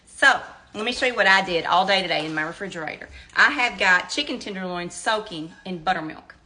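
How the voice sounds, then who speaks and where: A middle-aged home cook from the American South chats casually through a cooking demo in her kitchen, calling her viewers "y'all" in a down-to-earth way. Her Southern-accented voice is medium in pitch, bright and forceful. Oil fries and sizzles behind her.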